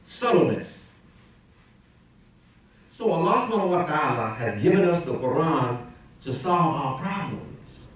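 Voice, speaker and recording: A man's voice: fairly high pitch, very animated, measured pace, long pauses, distant mic. A man in his role as imam, giving a Friday sermon in a conversational preaching manner with rhetorical questions, his voice rising and dropping. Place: mosque prayer hall. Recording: very echoey mosque hall, speaker off-mic.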